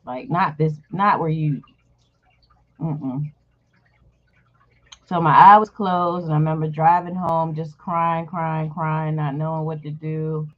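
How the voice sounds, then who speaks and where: Low-voiced woman, candid storytelling, swears freely, dull lo-fi sound. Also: steady tone, slow pace, pauses often. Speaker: channel host. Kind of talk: casual personal storytelling. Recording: dull lo-fi recording.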